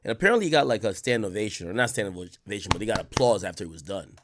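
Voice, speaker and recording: A man streaming a reaction and retelling a lawyer's closing in a mocking, animated way. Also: lowish voice, racing. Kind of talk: reaction commentary.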